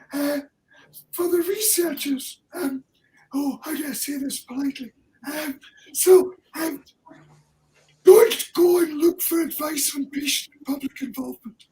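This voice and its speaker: A man's voice: very high-pitched, darkish tone. An older man from Ayrshire with a Scottish accent, giving earnest, plain-spoken interview answers as an honorary professor. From Ayrshire, Scotland. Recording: distant from the mic.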